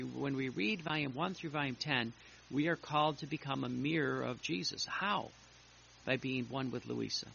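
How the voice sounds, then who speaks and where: Male preacher, earnest and halting, gravelly bright voice. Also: medium pitch. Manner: earnest, halting, with many fillers and restarts. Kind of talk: sermon reading and explaining devotional texts. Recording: lo-fi with faint hiss.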